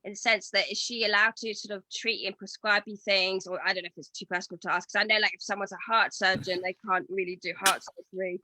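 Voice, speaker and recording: Female comedy host, chatty, lots of ums, bright tone, close dry mic. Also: mid-range voice, fairly even intonation, fast, few pauses, no room sound, rough recording. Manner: hesitant, many ums, chatty. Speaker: show host. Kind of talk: casual hosting chat.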